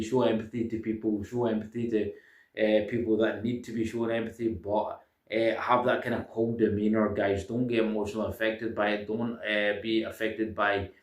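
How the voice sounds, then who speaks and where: A man's voice: on the low side, little pitch movement, moderate pace, reverberant, distant mic. A man giving insistent self-improvement advice to his viewers, hesitating often with ums and uhs. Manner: insistent, lecturing, constantly says "guys". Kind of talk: casual monologue to camera.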